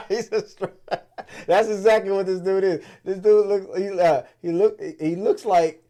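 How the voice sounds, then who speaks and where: A man hosting a casual movie podcast, talking in a rambling, profane and animated way. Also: high voice, normal speed. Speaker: podcast host. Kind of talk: casual chat.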